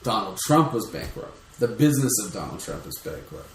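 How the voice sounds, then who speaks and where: A man's voice: lowish voice, big pitch swings, fairly quick. A man co-hosting a podcast in casual chat, giving rambling, opinionated rants with swearing. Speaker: podcast co-host. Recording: echoey room with faint background noise.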